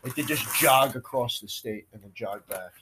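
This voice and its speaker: Young male podcast host, casual rambling chat, mid-pitched, upbeat. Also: normal speed, background noise.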